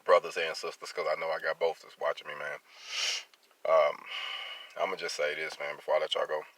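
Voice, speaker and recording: A man with a very low voice vents to his viewers, heated and angry. He talks bluntly and swears freely, like a worker unloading after a rough day on the job. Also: monotone, fairly quick, a bit bright. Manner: blunt, profane, heated street talk. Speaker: traveling field welder. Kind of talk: venting vlog monologue.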